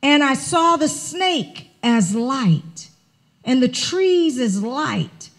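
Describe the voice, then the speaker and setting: A woman spiritual director preaching a sermon, telling a personal story in an animated, conversational way. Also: high-pitched, extremely slow.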